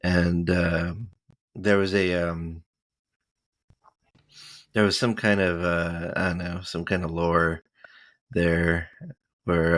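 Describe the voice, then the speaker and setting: A man's voice: deep voice, fairly bright tone. A man co-hosting a podcast in casual chat, hesitant and searching for words. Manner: hesitant, many fillers. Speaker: podcast co-host.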